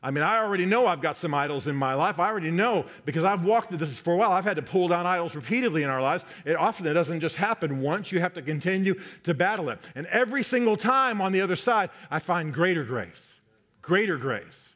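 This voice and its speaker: A male pastor delivers a sermon in a fairly high voice. He is emphatic and drives his points home by repeating key phrases. His delivery stays direct and urgent. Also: expressive, fast, hardly any pauses, a bit bright.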